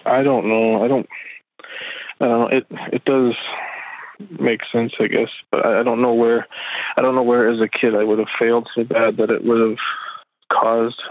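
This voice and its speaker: Young guy in his 20s calling in, hesitant, kinda flat voice, tinny phone line. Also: medium pitch, no room sound. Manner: hesitant, halting. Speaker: caller. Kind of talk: phone call-in.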